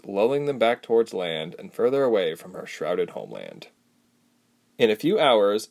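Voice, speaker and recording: A man narrating a fantasy novel as an audiobook, telling it expressively. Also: fairly low pitch. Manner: expressive storytelling.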